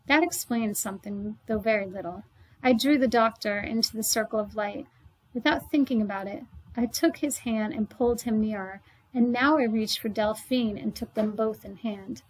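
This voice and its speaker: A woman reads a children's novel aloud in a steady first-person narration. Her voice sits on the high side, and she stumbles over a word now and then. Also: normal speed, rough recording. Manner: steady first-person storytelling with small slips. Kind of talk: read-aloud book narration.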